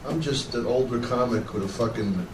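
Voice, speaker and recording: A man's voice: medium pitch, moderate pace. A man, a comedian, telling profane stories in casual banter on stage. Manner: profane, animated storyteller. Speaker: guest comedian. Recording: echoey room, distant mic, noisy.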